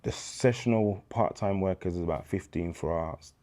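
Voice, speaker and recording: A man in his thirties with a Birmingham accent, telling his life story as an interview guest in an animated, preacher-like way with street slang. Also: sits low, moderate pace. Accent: Birmingham English. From England. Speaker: guest, charity founder. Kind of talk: casual interview chat.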